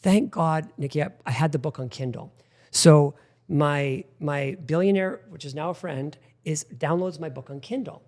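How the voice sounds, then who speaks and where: A middle-aged man hosting a talk show, telling personal stories in a lively, anecdotal way with lots of "like" fillers. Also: fairly high pitch, normal speed. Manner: animated anecdotal storyteller with frequent "like". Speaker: podcast host. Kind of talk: casual interview storytelling.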